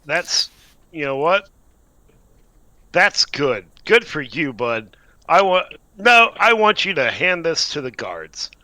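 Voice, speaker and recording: A man taking part as a player in a tabletop game, speaking in character in a brisk, insistent way. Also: fairly high pitch, very animated, sharp tone, dry recording.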